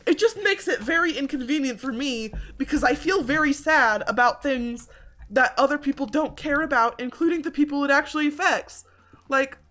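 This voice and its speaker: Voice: high voice, fairly quick, pushed and bright. Rambling chatty game streamer. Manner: rambling, many filler likes; self-deprecating, chatty. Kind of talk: casual chat while playing a game.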